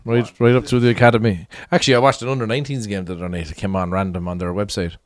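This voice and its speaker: A man's voice: on the low side, little pitch movement, no echo, clean studio sound. An Irish man co-hosting a football watchalong, chatting casually and agreeing often. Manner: quick, chatty, frequent agreeing. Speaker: watchalong co-host. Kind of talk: casual chat.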